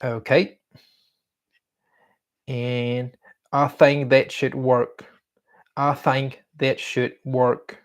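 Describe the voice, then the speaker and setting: A young man talks slowly to himself while working at a computer, filling the pauses with hummed and muttered nonsense sounds. His voice sits at a middle pitch, and the talk comes in relaxed, unhurried bits of casual self-talk. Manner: mumbles, hums and sings filler sounds while typing. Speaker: vlogger coding on camera.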